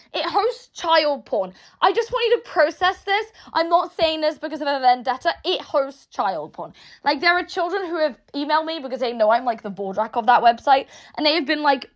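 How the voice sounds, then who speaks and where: A woman ranting casually online, swearing constantly, rambling and laughing, mocking others in quoted voices. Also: high-pitched. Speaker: online commentator. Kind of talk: casual rant to camera.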